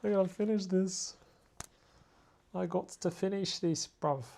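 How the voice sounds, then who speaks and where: A grumbling, slangy British bloke, raised in pitch and pushed a little louder, speaking in a put-on British accent, as a man puts him on as a joke while drawing. He is mock-grumpy and full of slang. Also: fairly even intonation, a little slow, vocal fry. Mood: mock-determined. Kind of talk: joking impression while drawing.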